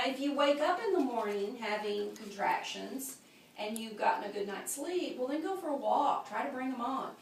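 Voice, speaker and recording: A woman's voice: a little high, a little hiss or hum. Woman teaching a childbirth class. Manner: practical, demonstrating with gestures. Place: classroom at a birth center. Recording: echoey room, mic far off.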